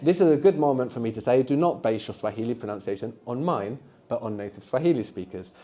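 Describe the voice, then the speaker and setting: Encouraging male language teacher, mellow voice. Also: medium pitch, expressive, quick pace. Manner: encouraging, quizzes the group with frequent tag questions. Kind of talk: live workshop teaching. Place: classroom with students.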